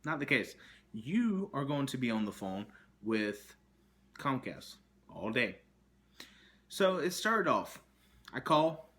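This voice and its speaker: A man's voice: medium pitch, fairly bright tone. A man vlogging from his kitchen, telling a frustrated story full of fillers and restarts. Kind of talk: ranting to camera. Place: kitchen at home, indoors.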